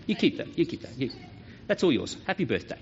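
A man's voice: on the high side, big pitch swings, quick pace, very noisy. A man giving a playful, joking children's talk in church, quizzing the kids as he goes. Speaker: children's pastor. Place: church hall. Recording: dull lo-fi church sound.

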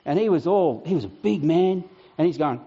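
A man's voice: on the high side, expressive, normal speed, mellow, husky, dull audio. A male pastor preaching a sermon, telling stories with animation and frequent restarts.

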